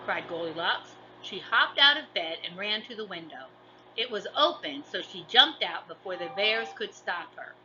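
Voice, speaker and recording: A woman librarian reading a children's story aloud in an expressive, sing-song storytelling way. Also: mid-range voice, a little hiss or hum. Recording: dull lo-fi recording.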